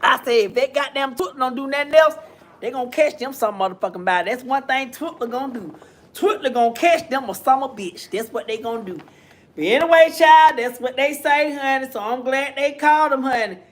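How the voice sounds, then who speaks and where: Man, high bright voice, sassy swearing livestream gossip host. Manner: sassy, swearing, drawn-out exclamations. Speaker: commentary streamer. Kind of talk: casual live-stream gossip commentary.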